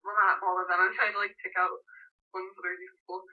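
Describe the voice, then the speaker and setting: A woman's voice: on the low side, little pitch movement, quick pace. A woman in her late teens chatting casually on a livestream, reading viewers' questions aloud and giggling as she answers. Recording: muffled, slightly distant livestream audio.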